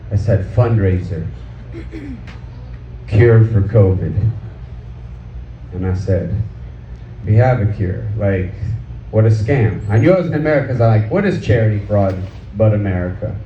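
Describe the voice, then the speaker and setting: A male stand-up comedian doing an outdoor set, chatty and crude, trading questions with the crowd. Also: lowish voice. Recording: echoey, distant, dull sound with faint background noise.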